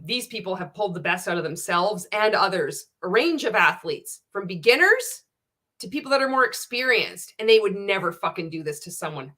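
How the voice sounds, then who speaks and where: A woman hosting a candid reaction video, reading out viewer comments and giving blunt, sarcastic commentary full of swearing. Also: medium pitch. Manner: animated and indignant.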